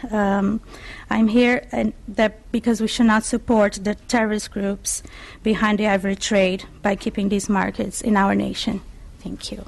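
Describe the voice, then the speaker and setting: Gravelly-voiced woman testifying firmly. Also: mid-range voice, flat delivery, a little slow, poor audio. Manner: firm, impassioned. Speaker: public commenter. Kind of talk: brief formal testimony.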